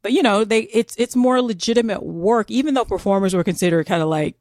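Animated woman podcast co-host, dry close sound. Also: medium pitch, a little fast, no room sound. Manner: animated, laughs often, digresses. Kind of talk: casual chat.

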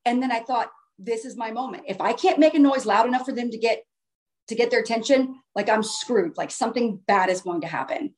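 A woman's voice: on the high side, brisk, a little mellow. A woman telling her own story in a casual, earnest way, often restarting her phrases for emphasis. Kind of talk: casual first-person storytelling.

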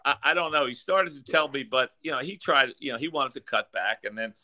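A man's voice: medium pitch, animated, fairly quick, pushed and bright. A man who is a guest impressionist, telling rambling stories with frequent laughs in casual radio chat.

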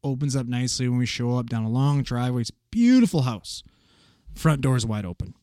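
A man casually telling a paramedic story, animated and swearing freely as he acts out the voices of the people in it. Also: mid-range voice, fairly quick, no room sound, studio quality.

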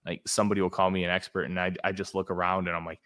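A man's voice: sits low, little pitch movement, very fast, fairly bright tone. A man hosting a podcast interview, talking casually with frequent fillers and restarts. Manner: conversational, hesitant with fillers. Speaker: podcast host.

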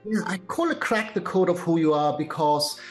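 Interviewed on a podcast, a middle-aged man with a German accent works as a career and life coach and speaks measuredly, with some hesitant fillers. His high-pitched voice is expressive, and soft music plays in the background.

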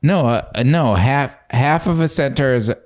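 A man guesting on a comedy show, overexplaining in a flustered way and reading aloud slowly and solemnly. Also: mid-range voice, a little mellow. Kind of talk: improvised comedy chat.

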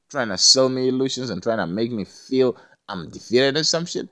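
A man's voice: mid-range voice, animated, normal speed, pushed and bright. A man talking in a rambling monologue, stammering and repeating himself, swearing often and asking if you understand him.

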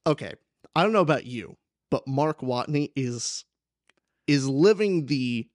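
A man's voice: medium pitch, measured pace, no room sound, clean studio sound. A young man hosting a podcast, chatting animatedly about a book and acting out voices as he talks. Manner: animated, acts out quoted characters. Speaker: podcast host. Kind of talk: casual book discussion.

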